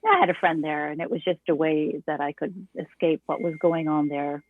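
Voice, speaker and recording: An older woman with a fairly low voice talks in a relaxed, rambling way, often restarting her sentences. She comes through a thin phone-like line. The sound is dry, with no room around it. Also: moderate pace, no room sound. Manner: rambling, many restarts and laughs, reflective. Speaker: guest songwriter and author. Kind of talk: casual interview chat.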